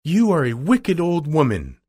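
Man doing a little girl for a storybook, high and earnest, kinda husky underneath. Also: lively intonation, moderate pace, darkish tone. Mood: angry. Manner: high childlike pleading. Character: young girl, earnest and upset.

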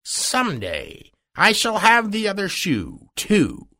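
A man voicing a wicked old witch woman in a shrill, wailing storybook voice. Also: wildly swooping pitch, takes it slowly, pushed and bright, full character voice. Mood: gloating.

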